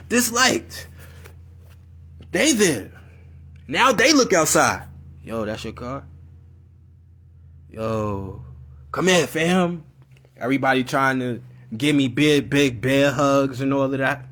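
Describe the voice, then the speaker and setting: A young man telling a personal story in a live video, in slangy casual speech, acting out his relatives' voices. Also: fairly high pitch. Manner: animated storyteller, acts out family voices.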